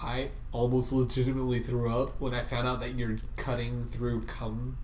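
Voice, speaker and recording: A young man co-hosting a podcast in casual chat, excitable and teasing, swearing freely and jumping between loud and quiet. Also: mid-range voice, normal speed, a little hiss or hum. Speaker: podcast co-host.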